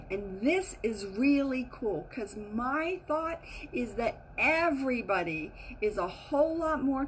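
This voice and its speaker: A woman with a slightly high voice teaches in a relaxed, chatty way as a spiritual teacher. She is animated and slips into little acted voices to show what people think. A faint hiss sits under her speech. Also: poor audio. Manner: animated, acts out inner voices in quotes. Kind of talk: casual teaching talk to a group.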